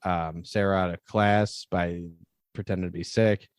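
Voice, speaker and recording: A lower-voiced man chats through a movie plot, rambling and laughing often. He acts out bits of dialogue along the way. His voice sits close to the mic in a dry, dead room. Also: steady tone, normal speed, clear, resonant tone, no room sound. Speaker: podcast co-host. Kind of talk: casual movie review chat.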